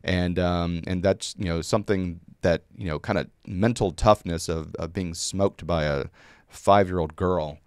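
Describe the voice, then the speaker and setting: A man in his forties, an Army veteran, telling a story casually on a podcast, halting with many fillers and repeated words. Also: sits low, fairly even intonation, clean tone, no echo, clean studio sound.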